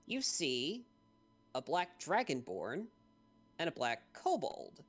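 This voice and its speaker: Slow, lively game master narration. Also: medium pitch, breathy edge, faint music behind. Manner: descriptive, hesitant with fillers.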